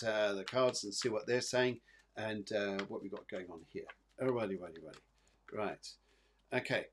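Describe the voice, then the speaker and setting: A man's voice: mid-range voice, darkish tone, slightly rough. A man hosting a live psychic show, giving reassuring, rambling readings full of fillers and repeated phrases. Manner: rambling and repetitive, many fillers and restarts; soothing, reassuring, addresses viewers by name. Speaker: psychic medium and show host.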